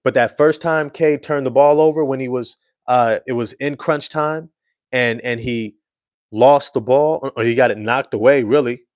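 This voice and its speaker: A man's voice: mid-range voice, normal speed, no room sound, studio quality. A man hosting casual live-stream sports commentary, emphatic and slangy, repeating his points.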